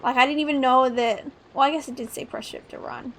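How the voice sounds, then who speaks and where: Playful high-voiced woman streamer. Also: steady tone, brisk, slight background noise. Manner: chatty, playful, giggly asides. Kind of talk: live game stream commentary.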